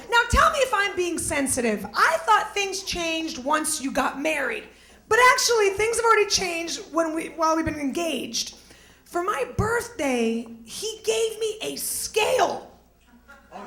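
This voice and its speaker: A woman's voice: extremely high pitch, very animated, moderate pace, pushed and bright. A woman doing a stand-up comedy set on a club stage, bubbly and exclamatory, with mock outbursts. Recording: roomy club stage sound.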